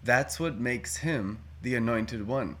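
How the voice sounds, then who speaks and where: A man speaking slowly and earnestly, sharing a spiritual insight with a group. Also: medium pitch, a bit bright.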